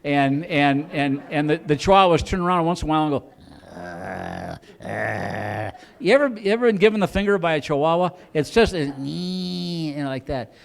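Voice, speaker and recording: Brief: male stand-up comic, slightly high voice, rambling, stammering restarts. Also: fairly quick, gravelly, few pauses, clean tone. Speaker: comedian. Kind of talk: stand-up storytelling. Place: comedy club stage.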